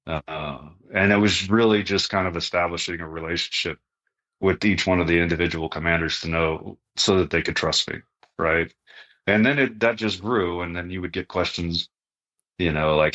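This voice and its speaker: Middle-aged guy with a low voice, ex-army, chatting loose and plain, lots of "right?" and "like". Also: fairly quick, fairly bright tone. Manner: plain-spoken, peppers talk with "right?" and "like". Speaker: podcast guest, retired army sergeant major. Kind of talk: casual conversational interview.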